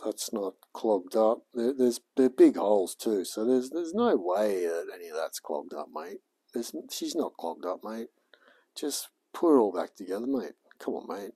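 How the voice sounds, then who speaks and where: Australian man, 40s, live-stream mechanic; unhurried, dark-toned, chatty, rambling asides to viewers. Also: fairly low pitch, very animated, breathy edge. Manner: rambling, talks to chat, says mate a lot. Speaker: livestreamer mechanic. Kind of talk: casual live-stream chat while working. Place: garage workshop.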